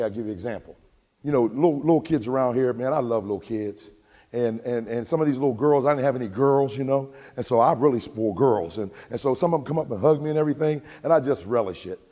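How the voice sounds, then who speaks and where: A man pastor preaching a sermon to his congregation, telling humorous stories and shouting for emphasis. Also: mid-range voice, animated, quick pace. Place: church sanctuary with congregation. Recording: long church reverb.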